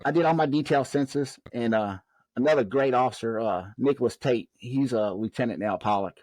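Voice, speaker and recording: In a podcast interview, a former prison officer from the Southern United States tells a long story in a mid-range voice, a little fast, with no echo. He is an animated storyteller who acts out the voices of the people in it.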